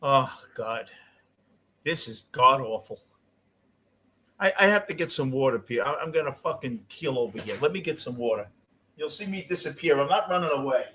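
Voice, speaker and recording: A middle-aged man with a New York accent ranting as a postgame show host, cursing and swinging between yelling and muttering. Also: mid-range voice, lively intonation, normal speed. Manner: profane, swings from shouting to muttering. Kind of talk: ranting fan commentary.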